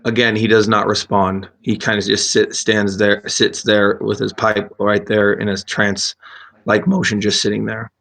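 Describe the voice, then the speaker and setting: A man's voice: lowish voice, level tone, moderate pace, creaky, a bit bright. A man narrating as game master in a casual, rambling way.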